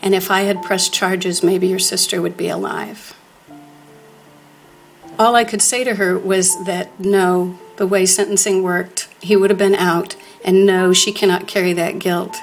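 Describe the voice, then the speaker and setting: A woman's voice: on the low side, flat delivery, a little slow, faint music behind. A woman telling a grave personal story in an earnest way, sometimes dropping almost to a whisper. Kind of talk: personal storytelling before an audience.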